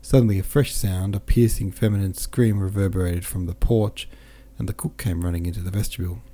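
Guy reading a novel aloud, low dark voice, bit husky. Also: steady tone, a little fast. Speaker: audiobook reader and podcast host. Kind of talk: audiobook narration.

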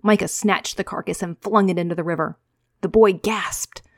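A woman author reads her own fantasy novel in a steady, measured storytelling voice. Her pitch sits a little low, and the recording is dry and close. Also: no echo.

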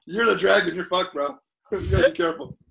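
A young man co-hosting a casual podcast chat, slangy and swearing, quick to get excited. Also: sits high, vocal fry. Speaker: podcast co-host.

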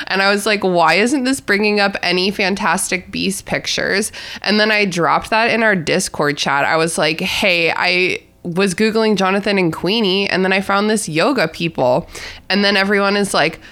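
A woman's voice: fairly low pitch, a bit bright. Candid, self-mocking woman podcaster. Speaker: podcast co-host. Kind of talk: casual chat.

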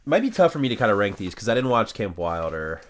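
A man with a very deep voice talks fast and with a lively swing in pitch. He co-hosts a casual chat and answers in a quick, easygoing way. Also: a crowd in the background. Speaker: podcast co-host.

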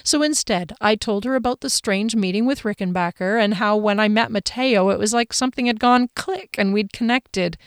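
A woman narrating a first-person audiobook in a measured, expressive way. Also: medium pitch, clear, resonant tone, no room sound, studio quality.

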